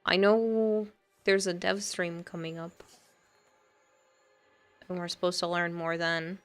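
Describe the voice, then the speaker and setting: A woman with a slightly low voice, chatting casually as a livestreamer. She rambles from one thought to the next while gaming and answering her chat. She laughs often. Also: little pitch movement, slow pace, faint music behind.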